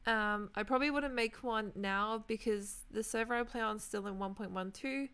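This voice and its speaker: A woman's voice: fairly high pitch, moderate pace, a bit bright, clean tone. A young Australian-accented woman streaming a game and chatting casually with viewers, greeting them by name as she goes. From New Zealand, raised in Australia. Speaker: gaming streamer. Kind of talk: casual live-stream chat.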